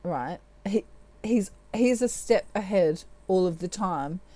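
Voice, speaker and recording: A woman's voice: lowish voice, expressive, slow, mellow, dry recording. A middle-aged woman giving a tarot reading, laughing often and acting out quoted lines. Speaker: tarot reader.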